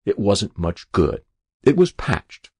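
A man playing a proud young boy from a poor family who answers back defiantly and stubbornly. The voice stays husky, deep and dry, with lively rises. It is set in a read-aloud story. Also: normal speed, dry recording, full character voice.

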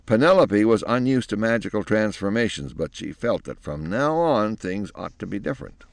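A man with a low, deep voice narrates a storybook aloud. His reading swings widely in pitch, and the sound is close and dry. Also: normal speed, creaky, no echo. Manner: expressive, animated reading.

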